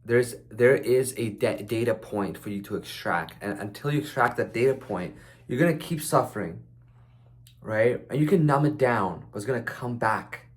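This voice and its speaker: A man's voice: mid-range voice, lively intonation, normal speed. A man giving a casual motivational monologue, loose and conversational, with frequent fillers and restarts and some blunt swearing. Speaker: speaker sharing life advice.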